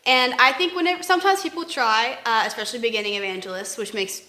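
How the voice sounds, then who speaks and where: A woman's voice: on the high side, quick pace, noisy background. A woman co-hosting a casual faith discussion, rambling and acting out examples in quoted voices. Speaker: podcast co-host. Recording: roomy echo.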